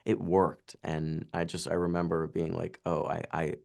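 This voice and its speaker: Guy in his 20s, really low and creaky voice, rambly with lots of "like", video call interview. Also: flat delivery, a little mellow. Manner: chatty, halting, full of "like" and restarts. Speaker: actor interviewee. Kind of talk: casual interview chat.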